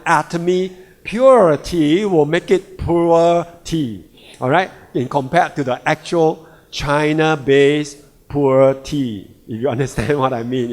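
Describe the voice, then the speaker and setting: A man's voice: fairly high pitch, a little mellow, long reverb tail. A man, a health coach, explaining a product to an audience in short repeated phrases and questions. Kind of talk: product presentation talk.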